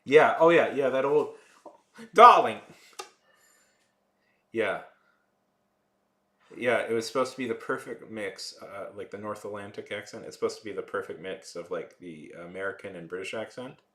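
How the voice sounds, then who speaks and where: A man's voice: fairly low pitch, moderate pace, roomy sound. A man chatting casually with his live-stream viewers, rambling with lots of fillers.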